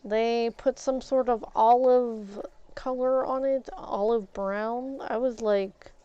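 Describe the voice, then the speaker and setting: A woman's voice: on the high side, fairly even intonation, takes it slowly, mellow, smooth, muffled recording. A woman gaming streamer chatting casually while she plays, rambling and candid with mild swearing. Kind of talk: casual chat while playing a game.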